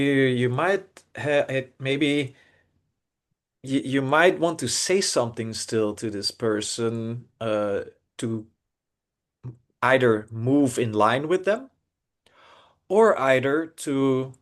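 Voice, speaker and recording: A man's voice: mid-range voice, lively intonation, slow pace. Earnest man musing with many restarts. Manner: earnest, searching, many restarts and repeated words. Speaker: podcast co-host. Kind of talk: reflective casual podcast talk.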